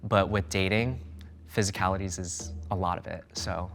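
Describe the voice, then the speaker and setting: A man's voice: deep voice, steady tone, moderate pace, fairly bright tone, slight background noise. A man talking candidly and self-deprecatingly in a casual group discussion. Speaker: panel participant.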